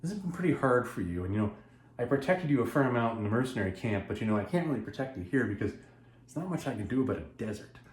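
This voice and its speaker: A man's voice: mid-range voice, very animated, quick pace, close to an everyday voice. A man voicing a weary, blunt barbarian warrior who talks through his thoughts in a casual, offhand way. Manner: casual, talky thinking-out-loud. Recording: echoey room.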